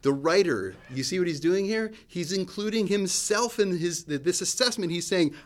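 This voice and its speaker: A pastor preaches a sermon at a moderate pace with hardly any pauses, in a conversational, searching style. He often restarts his sentences, and his pitch and loudness swing lively.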